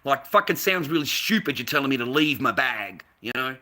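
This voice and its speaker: An Australian man vents to camera in a profane, repetitive rant. His voice is forceful and sharply edged at a middling pitch. He circles back to the same complaint over and over. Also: lively intonation, fairly quick. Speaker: volunteer recounting a workplace dispute. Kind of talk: angry casual rant to camera.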